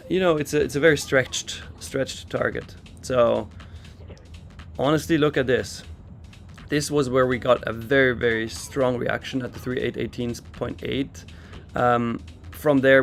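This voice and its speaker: Male stream host, mid-pitched, chatty, reads chat between market calls, faint music under. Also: gravelly. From Switzerland. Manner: chatty, reads out and answers viewer chat while trading. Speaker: live trading stream host. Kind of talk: casual live market commentary. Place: in London for a trading expo.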